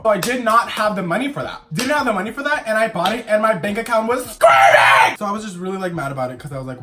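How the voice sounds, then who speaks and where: A young man telling a storytime vlog in a sassy, campy, dramatic way, shouting for emphasis. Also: sits high, expressive, fast, hardly any pauses, background noise. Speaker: vlogger.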